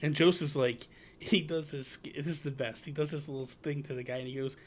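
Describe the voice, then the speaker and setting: A man hosting a casual live chat show, telling animated gaming stories and acting out quotes. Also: fairly high pitch, brisk, slight background noise. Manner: animated storyteller, acts out quotes. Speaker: host.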